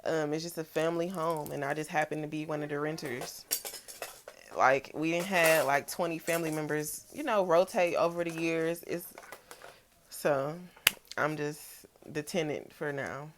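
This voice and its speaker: A young woman, talking in a casual, reflective vlog, soft-spoken and relaxed. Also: low-pitched, moderate pace, background noise. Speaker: vlogger. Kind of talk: personal reflective vlog talk.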